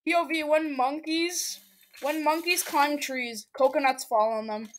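A woman with a high, bright voice talks through her gameplay at an unhurried pace, joking around. She is silly and excitable, and she often breaks into sudden shrieks and shouts. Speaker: gaming video creator. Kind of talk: let's play gameplay commentary.

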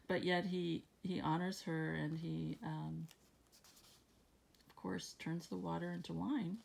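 A woman reading scripture aloud at home, then musing about it casually with fillers and soft laughs. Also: on the low side, fairly even intonation, slow, gravelly, long pauses. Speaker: Bible reading channel host. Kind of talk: casual Bible reading and reflection.

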